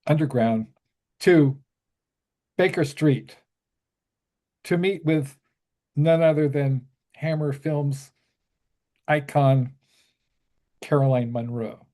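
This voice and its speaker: A man telling a story as a talk show guest, halting and restarting often, then growing enthusiastic. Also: fairly high pitch, warm tone. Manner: halting, full of restarts and fillers. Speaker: guest, musician and horror author. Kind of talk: casual anecdote on a talk show.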